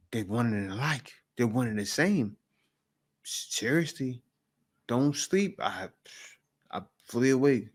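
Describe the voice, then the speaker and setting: A man's voice: mid-range voice, a little slow, pauses often. A man hosting a reaction video, commenting casually and laughing as he mocks the clips. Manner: animated, laughing, mimics voices mockingly.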